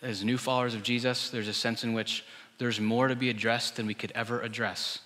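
A man's voice: mid-range voice, flat delivery, fairly quick, pushed and bright. A male pastor giving a sermon in a conversational style, full of rhetorical questions. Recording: church hall with long reverb.

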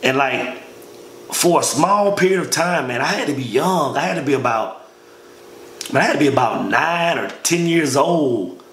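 In an echoey room with some faint noise, a man with a mid-range voice recounts his army training at a moderate pace. The story is long, casual and slangy, and he calls the listener "man" constantly.

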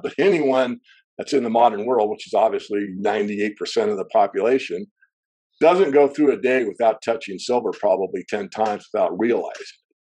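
Here a precious metals analyst, a man whose voice is low and mellow, speaks about markets as an interview guest. He tends to explain at length, drifting off into tangents, with the odd throat-clearing.

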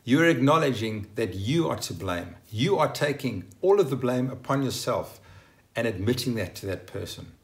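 A male English teacher hosts his own channel and delivers a scripted vocabulary lesson. His voice sits at an ordinary middle pitch with a gravelly, fry-tinged edge. He talks in an upbeat, emphatic way and acts out the example phrases. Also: lively intonation, normal speed.

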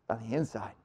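A priest giving a live marriage retreat talk in a church room, conversational and energetic, shifting from quick punchy lines to slow quiet emphasis. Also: male voice. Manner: energetic, conversational preacher with sudden drops to quiet. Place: church room near the Blessed Sacrament.

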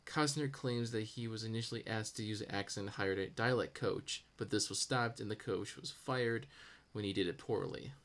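A man's voice: lowish voice, moderate pace, a bit bright. A man in casual movie chat, relaying behind-the-scenes trivia matter-of-factly. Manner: matter-of-fact, shares film trivia.

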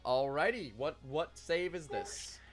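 A man's voice: on the high side, lively intonation, measured pace, faint music behind. A young man running a tabletop game as game master, laughing often and rambling with fillers and restarts.

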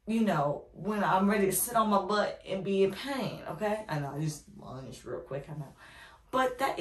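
A young adult woman telling a casual story to her viewers, animated and sassy, with slang, calling them y'all. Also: mid-range voice. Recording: roomy echo.

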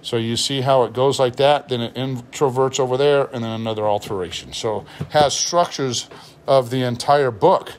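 A man of ordinary pitch, a pastor, giving a relaxed show-and-tell of a study Bible and reading its notes aloud. Faint background noise sits under his voice. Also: moderate pace. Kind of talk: Bible unboxing review.

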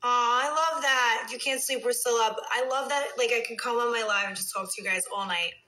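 A woman talks straight into her phone during a late-night livestream, brash and loose with the swearing. Her voice is bright and sits a little high. She sounds like she is chatting at home with her fans. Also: a little fast, low-quality recording. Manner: brash, swears freely, talks back to trolls. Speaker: reality TV personality on a phone livestream. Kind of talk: casual livestream chat with viewers.

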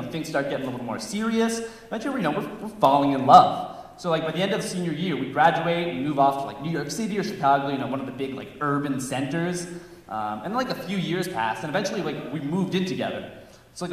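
A man's voice: fairly high pitch, animated, fast. A young man doing a stand-up set, rambling through stories with lots of fillers and acted-out quotes. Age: young adult. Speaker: stand-up comedian. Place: campus showcase stage, with live audience. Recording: echoey hall, from far off.

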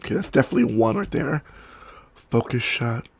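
A sick man with a cracking voice giving rambling, excitable gameplay commentary, swearing often. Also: mid-range voice, brisk, vocal fry, no room sound. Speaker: let's play gamer.

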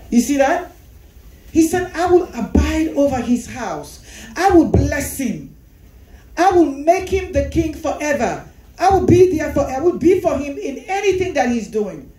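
A woman teaching Sunday school, her voice on the high side and mellow. She goes over scripture, repeats phrases and puts questions to the class. The sound rings in a roomy space. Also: big pitch swings, normal speed. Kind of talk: Bible teaching.

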